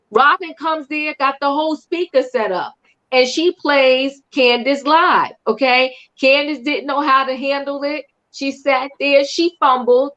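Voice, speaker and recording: An older woman hosting a live-stream reality TV recap, animated and sassy, often tagging her points with "okay?". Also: sits high. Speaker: show host. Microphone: online live stream. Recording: muffled lo-fi stream audio.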